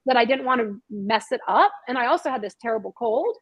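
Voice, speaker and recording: Husky, higher-voiced chatty woman. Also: fast talker, no echo, lo-fi sound. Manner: animated and chatty, repeats words as she talks. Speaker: guest author and screenwriter. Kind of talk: casual interview chat.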